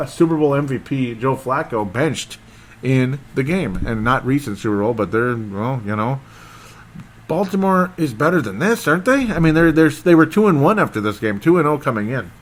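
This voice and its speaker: A man hosting a casual football recap podcast, rambling and excitable, often losing his train of thought. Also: medium pitch, normal speed. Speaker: sports podcast host.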